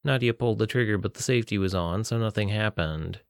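A man narrating an audiobook in a steady, plain storytelling manner. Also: fairly low pitch, fast, gravelly, no room sound, studio quality. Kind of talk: scripted narration.

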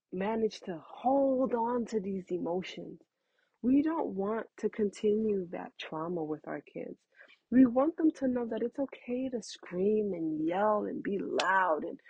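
Young woman, husky, unhurried, earnest parenting chat, dry lo-fi recording. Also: medium pitch, dark tone, no room sound. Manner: earnest, chatty, laughs often. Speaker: parenting host. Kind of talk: casual advice talk. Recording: dull lo-fi sound.

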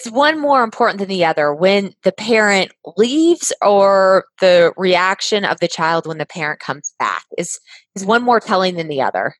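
A woman's voice: mid-range voice, big pitch swings, normal speed, dry recording, rough recording. A woman hosting an interview, asking curious questions with some hesitation and fillers. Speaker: podcast host.

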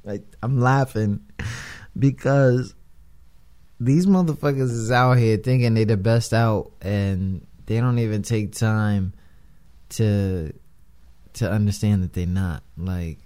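A man hosting a casual interview chat, swearing freely and often laughing. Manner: loud, profane, laughing rants with swings in pitch. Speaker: podcast host.

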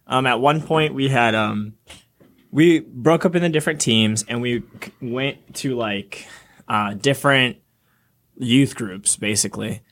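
A young man co-hosting a casual talk show, telling a travel story with lively acted-out quotes. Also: measured pace. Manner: animated storyteller, acts out quotes with jumps in pitch. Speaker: podcast co-host.

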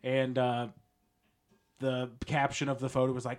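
A man's voice: medium pitch, monotone, unhurried. Rambling, chuckling male podcast host. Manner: rambling and jokey, chuckling often, swings from mumbling to loud. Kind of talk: casual solo podcast monologue.

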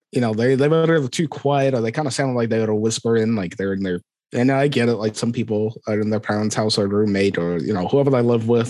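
A man's voice: on the low side, a little mellow, no echo. A young man in his twenties with a Scottish accent, chatting easily as a guest in an interview. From Scotland. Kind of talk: casual interview chat.

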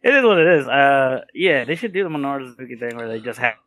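An easygoing man co-hosts a casual podcast and recaps the story plainly. His voice is bright and forceful, and it is recorded close and dry with no room sound. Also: mid-range voice, animated, fast talker, no echo. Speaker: podcast co-host. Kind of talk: casual chat.

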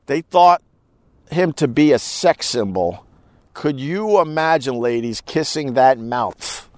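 A man's voice: fairly high pitch, smooth, no echo. A middle-aged man hosting a podcast, rambling through a casual live-stream monologue with wry, profane storytelling. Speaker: podcast host. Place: cold room, dry sound.

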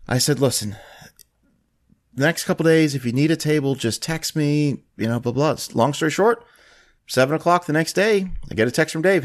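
A man hosting a podcast, telling a long anecdote in a casual, animated way, jumping up in pitch when he quotes people. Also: brisk. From United States. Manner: animated storyteller who raises his pitch for quoted people. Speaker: podcast host. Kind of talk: casual storytelling chat.

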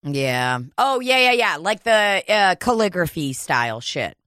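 A woman's voice: lowish voice, big pitch swings, measured pace, fairly bright tone, dry recording, studio quality. A woman in casual chat, rambling and joking crudely, laughing often.

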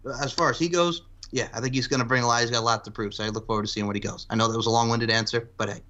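Bright-voiced young man rambling. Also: rapid-fire, lo-fi sound. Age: 20s. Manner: long-winded, swears freely, animated swings in pitch. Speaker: podcast host. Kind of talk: casual podcast chat.

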